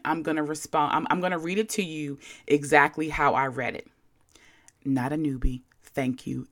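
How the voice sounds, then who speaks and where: Sassy gravelly woman storyteller. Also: deep voice. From Baltimore. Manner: sassy, sarcastic, dramatic. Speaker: podcast host. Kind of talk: casual storytelling monologue.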